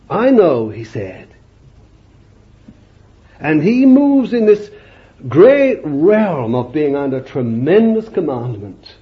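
A man preaching a fervent sermon, emphatic and exclaiming, reading scripture aloud. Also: on the high side. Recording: dull lo-fi recording.

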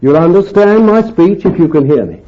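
A man's voice: high-pitched, lively intonation, normal speed. Fervent preacher man, lo-fi recording. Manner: fervent, swings between loud exclamations and quiet asides. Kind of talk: sermon. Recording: dull lo-fi recording.

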